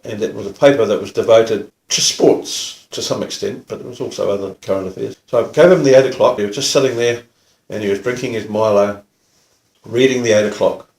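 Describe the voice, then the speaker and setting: A man's voice: on the low side, brisk, creaky, darkish tone, reverberant. Older New Zealand man telling stories. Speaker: retired police officer telling stories. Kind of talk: casual storytelling.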